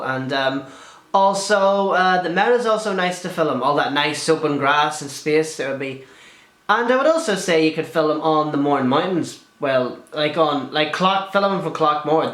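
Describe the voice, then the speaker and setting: Young guy, casual Q&A vlogger, fairly high voice, talkative with blunt swearing, echoey room. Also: normal speed. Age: young adult. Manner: chatty, swears freely, animated asides. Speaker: video blogger. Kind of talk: casual Q&A vlog.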